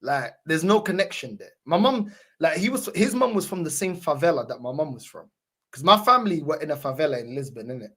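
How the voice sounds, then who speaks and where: A man telling a story in casual chat, animated and laughing, with a lot of slang. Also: on the high side, brisk, breathy edge.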